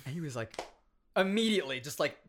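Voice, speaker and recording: A man in his twenties casually telling stories about competitive gaming, animated, laughing often and acting out quotes. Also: a little high, quick pace. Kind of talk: casual storytelling chat.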